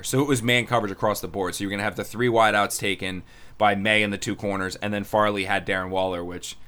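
A young man who covers football as a reporter, chatting casually on a live show and telling a press box story with lots of fillers, acting out what people said. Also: on the low side. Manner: animated storytelling, acts out quotes with rising excitement. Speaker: sports beat reporter. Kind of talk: casual podcast chat.

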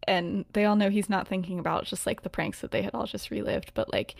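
A woman's voice: mid-range voice, steady tone, a little fast, vocal fry, no echo, clean studio sound. A woman hosting a podcast, telling a fan-fiction story in a loose, rambling way, full of "like" and "um" and frequent giggles. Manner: chatty, rambling, many "like" and "um" fillers, giggles often. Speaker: podcast host.

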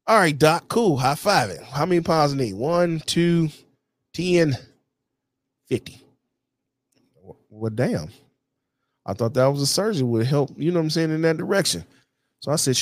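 Blunt male host, swears freely, casual monologue to camera, dry close sound, middle pitch. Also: expressive, a little slow, long pauses, no echo. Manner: blunt, heavily profane, repeats "you know what I'm saying". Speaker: podcast host.

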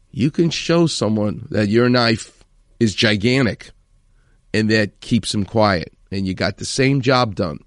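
A man's voice: medium pitch, no echo, studio quality. A man hosting a show, retelling a story with enthusiasm and acting out quoted lines. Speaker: host. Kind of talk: storytelling commentary.

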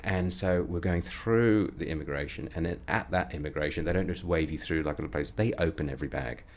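A man's voice: fairly quick, slight background noise. A man telling a comic story as an interview guest, acting out the voices of the people in it. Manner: animated storyteller, acting out voices with rising pitch. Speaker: comedy performer and guest. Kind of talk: anecdotal storytelling.

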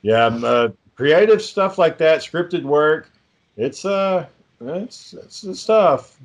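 A man's voice: a little high, lively intonation, takes it slowly. A man who hosts the podcast and makes indie films, talking in a laid-back casual chat and swearing constantly. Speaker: podcast host and indie filmmaker.

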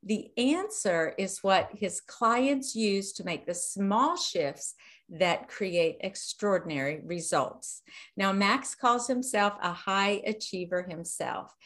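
Bubbly woman hosting a podcast. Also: medium pitch. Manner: bubbly, enthusiastic, reads bio aloud. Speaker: podcast host. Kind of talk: casual interview chat. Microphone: video call.

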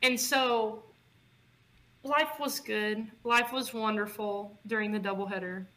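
A woman's voice: mid-range voice, fairly even intonation, unhurried, pushed and bright, low-quality recording. A woman co-hosting a podcast in casual chat, bubbly and chatty. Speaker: podcast co-host.

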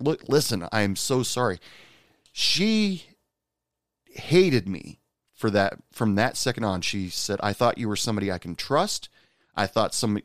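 A man's voice: on the low side, clear, resonant tone, dry recording, studio quality. A man casually telling a candid, confessional personal story at an easy pace.

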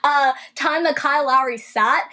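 High-voiced woman ranting fast. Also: bright, forceful tone. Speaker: podcast co-host. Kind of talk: casual sports chat.

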